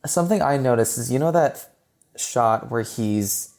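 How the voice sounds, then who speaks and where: A man's voice: medium pitch, expressive, measured pace, darkish tone. A man co-hosting a podcast, chatting casually about a film in a rambling way with many "like"s. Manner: chatty and rambling, heavy use of "like". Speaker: podcast co-host. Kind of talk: casual film review chat.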